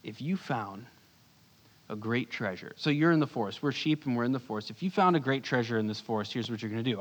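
Male pastor, mid-pitched, earnest sermon delivery, long hall reverb. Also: animated, quick pace, highs cut off. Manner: earnest, swings between urgent bursts and hushed low lines.

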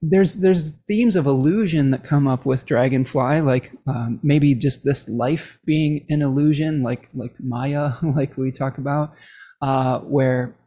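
A woman's voice: very deep voice, unhurried, mellow. Middle-aged woman, chatty podcast co-host, rambling astrology talk. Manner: rambling, chatty, laughs often. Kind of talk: casual astrology chat.

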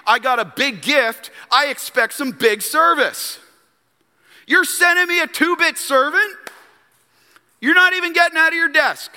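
A man's voice: very high voice, bright, forceful tone, in a large hall, pitched above the performer's own voice, full character voice. A man acting out a proud, indignant army commander who scoffs at humble treatment, in a sermon. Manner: scornful and affronted, rapid complaints.

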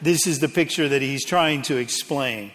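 A man's voice: mid-range voice, moderate pace, fairly bright tone. A male pastor from the United States preaching a sermon in a conversational, self-deprecating storytelling way. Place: church sanctuary. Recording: echoey hall reverb.

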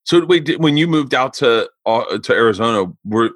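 A man's voice: mid-range voice, expressive, moderate pace, a bit bright, no room sound. A man hosting a casual interview podcast, asking rambling, run-on questions. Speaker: podcast host. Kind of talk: casual remote interview chat. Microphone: remote call mic.

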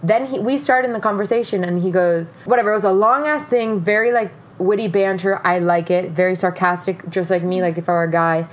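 A young woman co-hosting a casual podcast, telling a story in an animated way, with frequent swearing and laughter. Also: mid-range voice, a little fast, hardly any pauses. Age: young adult. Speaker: podcast co-host.

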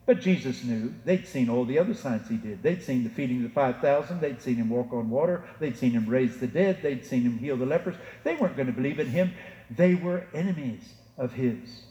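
A man preaching a sermon as pastor, emphatic, rising for quotations and dropping low to address the listeners directly. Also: animated, brisk, mellow. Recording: echoey hall with long reverb.

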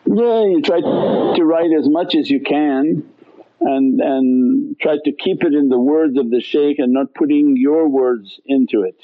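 A man teaching on spiritual matters and answering questions, calm and unhurried, with Arabic devotional phrases throughout. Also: a little high, phone-quality sound. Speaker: Sufi teacher. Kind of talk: religious talk answering questions.

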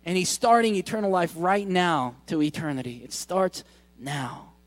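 A middle-aged man preaching a sermon as pastor, pleading and impassioned, dropping soft then shouting. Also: high-pitched, expressive, normal speed, no echo. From Korea. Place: church hall. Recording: dry close mic, faint music behind.

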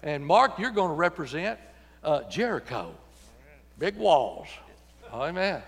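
A man's voice: fairly high pitch, very animated, slow pace, vocal fry, slightly rough, in a large hall. A man preaching a sermon in a church, folksy and joking, acting out voices when he quotes people. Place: church sanctuary.

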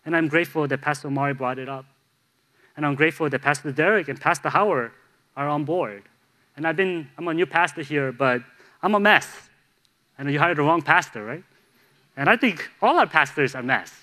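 A man's voice: a little high, fairly quick, bright, forceful tone. A man from Chicago preaching a sermon as a pastor, telling candid, self-deprecating stories with humor. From Chicago, USA.

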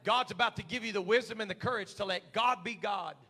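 Bright-voiced pastor preaching a sermon. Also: male voice, sits high, fairly quick, breathy edge. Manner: preaching with rising shouted fervor. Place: church sanctuary.

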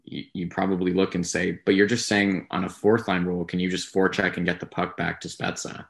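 Man, very low gravelly voice, flat delivery, podcast co-host, casual sports chat. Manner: rambling, measured, hedging.

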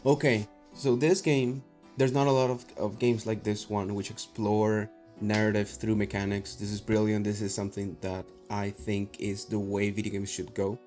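A man co-hosting a game podcast, giving a measured, analytical critique. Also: fairly low pitch, little pitch movement, darkish tone, faint music behind. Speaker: podcast co-host.

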